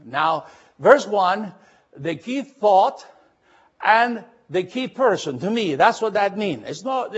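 A man with a high, husky voice leads a Bible study lecture. He talks earnestly and haltingly, stops often to ask whether his listeners follow, and spells out Greek letters slowly. The recording sounds dull and lo-fi. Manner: earnest, halting, often checks understanding with questions.

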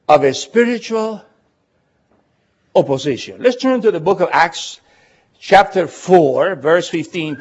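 A man preaching a sermon as pastor, emphatic, repeating words and slowing down to read scripture aloud. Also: on the high side, breathy edge. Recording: dull lo-fi recording.

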